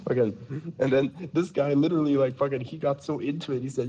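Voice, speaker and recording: A man's voice: medium pitch, animated, fast, mellow, breathy edge. A man casually telling prank-call stories in a rambling, stammering way. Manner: rambling, stammering restarts, chuckling. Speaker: storyteller in a voice chat. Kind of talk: casual storytelling.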